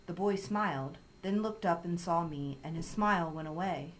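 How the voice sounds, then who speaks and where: A woman with a low voice reads a children's chapter book aloud in calm, steady storytelling. A faint hiss sits under the recording. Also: moderate pace, low-quality recording. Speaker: story reader.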